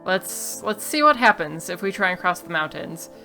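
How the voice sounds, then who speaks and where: Wry, bright-voiced woman streamer. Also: lowish voice, very animated, normal speed, faint music behind. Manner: chatty, wry, reads game dialogue aloud and jokes about it. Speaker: let's play streamer. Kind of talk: casual gameplay commentary.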